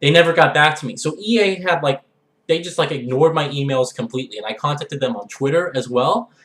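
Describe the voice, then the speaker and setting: A man's voice: fairly high pitch, fairly quick, a bit bright, echoey room. A young man from the Los Angeles area talking casually in a gaming vlog, rambling and often checking in with "all right?". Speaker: gaming vlogger.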